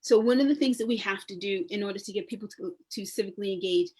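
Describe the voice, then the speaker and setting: On a community panel, a public historian and genealogist from New York talks fast at a medium pitch with a breathy edge. She tells stories vividly and often restarts her sentences in a chatty style.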